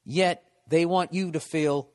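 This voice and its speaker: Profane, rambling man with a higher voice. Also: fairly even intonation, takes it slowly, darkish tone. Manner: profane, rambling, stumbles and restarts; cynical, blunt. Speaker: podcast host. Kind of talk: casual podcast rant.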